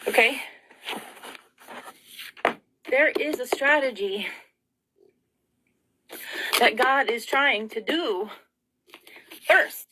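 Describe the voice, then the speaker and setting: A middle-aged woman rants straight to camera in a somewhat high voice. She sounds frazzled and close to tears, sighing, breaking off mid-sentence and firing off rhetorical questions. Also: extremely slow, pauses often, noisy background. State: tearful. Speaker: vlogger. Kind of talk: emotional rambling monologue.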